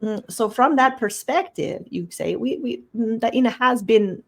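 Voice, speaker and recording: A woman's voice: a little high, creaky. Woman channeling, tagging nearly every phrase. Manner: ends nearly every phrase with a tag question; halting, repeats words as she searches for them. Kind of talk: channeled spiritual talk.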